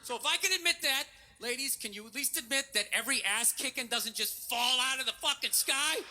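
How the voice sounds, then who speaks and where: Ranting high-voiced stand-up comedian, man. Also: brisk, a little hiss or hum. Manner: exasperated, ranting, yelling at the crowd. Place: stage of a live comedy special.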